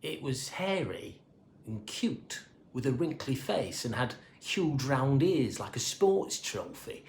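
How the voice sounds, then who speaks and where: A man narrating a children's storybook in an expressive, playful manner. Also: mid-range voice, slow, creaky, slight background noise. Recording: echoey room.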